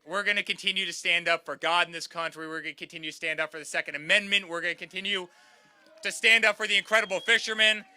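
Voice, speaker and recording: Guy in his 30s firing up a rally crowd, high bright voice, keeps repeating himself. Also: steady tone, fast. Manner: repetitive, rallying crowd, addresses them as guys. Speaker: campaign speaker. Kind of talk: campaign rally speech. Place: outdoor campaign rally.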